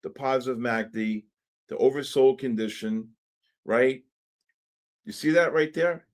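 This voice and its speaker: A man hosting a live trading stream, talking excitedly through charts, exclaiming and repeating himself. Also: medium pitch, a little slow. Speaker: trading livestream host.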